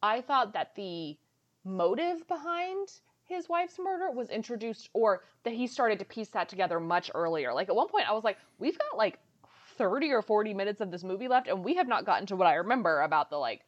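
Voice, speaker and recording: A woman's voice: medium pitch, very animated, fairly quick, dull audio. A woman co-hosting a podcast, chatting casually and recounting things at length with lots of fillers. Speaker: podcast co-host. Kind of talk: casual chat.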